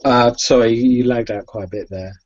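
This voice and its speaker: A man running an online tabletop game over a video call, speaking in a relaxed, halting way. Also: mid-range voice, lo-fi sound, a little hiss or hum.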